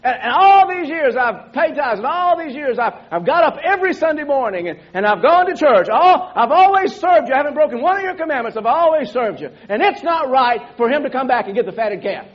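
A man's voice: very high voice, expressive, a little fast, few pauses, pitched above the performer's own voice. A man voicing a resentful, self-righteous elder brother who complains in an indignant rush. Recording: dull lo-fi sermon recording.

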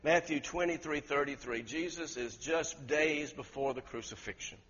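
Husky high-voiced male preacher, echoing hall. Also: normal speed. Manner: emphatic, questions the congregation, rises to loud peaks. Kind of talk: sermon. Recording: lo-fi recording with long hall reverb.

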